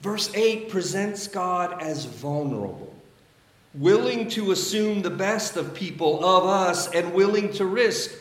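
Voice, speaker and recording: A man preaching a sermon as pastor, measured and emphatic, with deliberate pauses. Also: sits high, lively intonation, reverberant. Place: church sanctuary.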